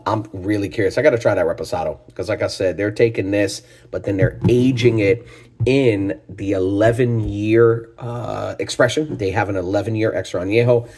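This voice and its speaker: Husky low-voiced man reviewing tequila. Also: a little mellow. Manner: enthusiastic, exclaiming over aromas with frequent sighs and "oh my gosh". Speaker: tequila reviewer, channel host. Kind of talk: casual spirits tasting review.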